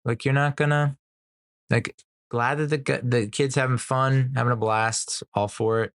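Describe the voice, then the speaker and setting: A man's voice: mid-range voice, steady tone, normal speed, no echo. A man in his thirties hosting a podcast, telling stories in a rambling, profane way with frequent laughs. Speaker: podcast host. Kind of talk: casual storytelling chat.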